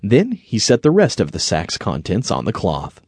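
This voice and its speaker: Husky, low-voiced male storyteller. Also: huge pitch swings, normal speed, no room sound. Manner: gentle storytelling. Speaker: audiobook narrator. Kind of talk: scripted narration. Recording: dry close studio recording.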